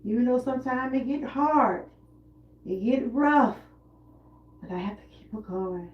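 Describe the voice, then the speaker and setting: A woman with a Southern US accent who runs a wellness vlog. She talks in a slow, heartfelt way while doing seated cardio. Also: on the high side, animated, roomy sound, dull audio. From Georgia, US. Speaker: wellness vlogger. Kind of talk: live-stream talk during seated cardio.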